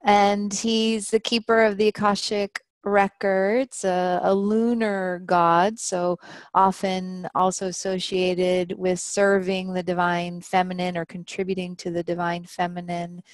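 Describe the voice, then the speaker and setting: A woman's voice: on the low side, level tone, a little slow, dry recording. A woman author answering interview questions in a thoughtful, hesitant way. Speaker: guest author.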